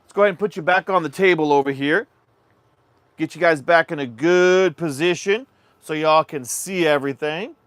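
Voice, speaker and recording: A man's voice: a little high, moderate pace, dry recording. A man casually hosting a livestream, chatting easily and reading viewer comments. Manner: relaxed, chatty, addresses viewers as y'all. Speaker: livestream host.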